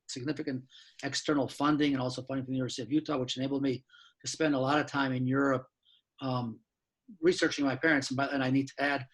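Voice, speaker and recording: Speaking over a video call from his apartment, a law professor and author in his sixties delivers a candid talk in the style of a lecture. His voice sits in the mid-range, and he's blunt and frank, tossing in quick asides and a bit of mild swearing.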